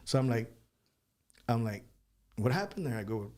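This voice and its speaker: A man, a guest musician, telling casual stories in an animated way and laughing as he talks. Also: medium pitch, moderate pace. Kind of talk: casual storytelling.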